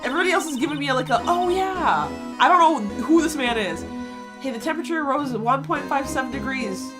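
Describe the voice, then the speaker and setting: A woman plays through a game and reads its lines aloud in a lively voice that swings up and down. She talks a little higher than most women. Game music plays behind her. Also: fairly quick. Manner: playful, reads game lines aloud with goofy asides and laughter. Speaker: gaming streamer. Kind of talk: let's play with dialogue read aloud.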